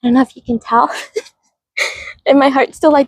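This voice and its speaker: A woman's voice: high voice, fairly even intonation, normal speed, slightly rough, no room sound, low-quality recording. A woman livestreaming as she walks through a park outdoors, chatting and greeting viewers by name, recorded on a handheld phone. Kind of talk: casual livestream chat.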